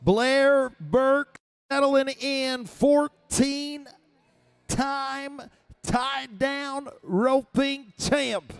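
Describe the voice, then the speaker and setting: A man's voice: very high-pitched, extremely slow, no room sound, faint music behind. A man calling a live rodeo as announcer, with hyped, punchy play-by-play calls.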